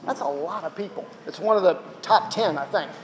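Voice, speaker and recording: A man's voice: high voice, brisk, slight background noise. A male chaplain giving an informal teaching to students, chatty, with asides to the audience. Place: chapel hall. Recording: echoey hall, dull lo-fi sound.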